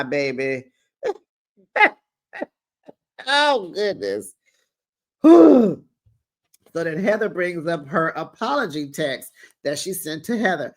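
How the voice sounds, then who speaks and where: A reality TV recap host giving casual, animated commentary in a colloquial style, talking straight to viewers and mimicking cast members. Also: mid-range voice, takes it slowly, pauses often.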